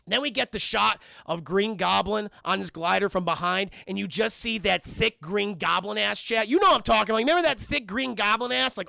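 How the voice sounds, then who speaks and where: High, gravelly-voiced man streaming. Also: no echo, clean studio sound. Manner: profane, animated, talks to chat; acts out lines in put-on voices. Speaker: livestream host. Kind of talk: casual film review stream.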